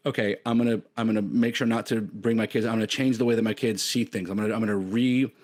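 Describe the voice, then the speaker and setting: A man's voice: lowish voice, steady tone, fast, darkish tone. A man in his thirties co-hosting a podcast, talking candidly in a rambling way, full of fillers and restarts. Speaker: podcast co-host. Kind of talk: casual chat.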